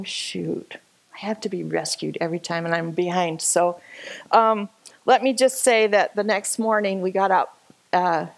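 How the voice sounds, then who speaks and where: A woman's voice: lowish voice, poor audio. Chatty laughing woman telling a story. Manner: chatty, laughing often, animated. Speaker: church speaker sharing a trip slideshow. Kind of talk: casual storytelling talk. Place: church service.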